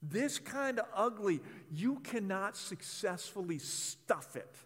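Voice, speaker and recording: A man preaching a sermon, animated and stammering as he voices the hurt of a betrayed spouse. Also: sits high, takes it slowly, slightly rough. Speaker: pastor. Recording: long hall reverb.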